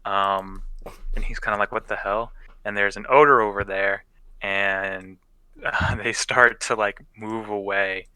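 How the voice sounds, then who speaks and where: A man's voice: on the low side, steady tone, measured pace, bright, forceful tone, clean tone, no room sound, low-quality recording. A young man casually narrating as game master of a tabletop game, loose and profane, often laughing.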